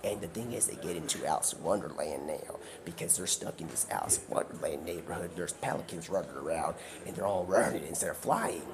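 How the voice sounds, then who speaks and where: A very deep-voiced man talks on a livestream from behind the wheel of a car. He rambles through an improvised story and keeps slipping into put-on voices and whispers. Steady background noise runs under his voice the whole time. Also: fairly quick, hardly any pauses. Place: in a car while driving.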